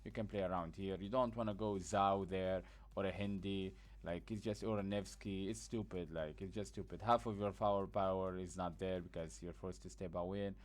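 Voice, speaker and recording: A man's voice: low-pitched, fairly even intonation, moderate pace, few pauses. A man giving a casual, blunt gameplay tutorial, sleepy after just waking up, rambling with plenty of fillers. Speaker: gaming guide creator.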